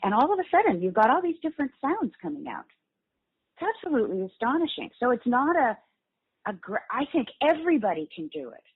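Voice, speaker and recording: A woman voice actress being interviewed, animatedly explaining how she builds voices, sometimes dropping into quick demo voices. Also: a little high, big pitch swings, husky. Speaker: voice actress guest. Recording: phone-like lo-fi call audio.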